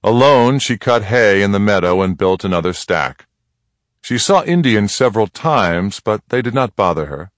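A man narrating a western story aloud in a calm, even storytelling manner. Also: on the low side, normal speed, dry recording. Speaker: audiobook narrator.

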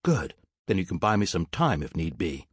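A narrator puts on a cocky male smuggler, reckless and mocking, who smirks through every line. His voice is deep, a little raised and lively in pitch. The audiobook sound is dry and close. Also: normal speed, breathy edge, no echo, exaggerated voice.

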